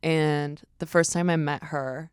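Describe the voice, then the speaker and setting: A woman's voice: low voice, steady tone, unhurried, clean tone, no room sound, clean studio sound. A young woman, a podcast guest, telling stories in casual chat, swearing freely and acting out what people said. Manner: storytelling, swears freely, acts out quotes.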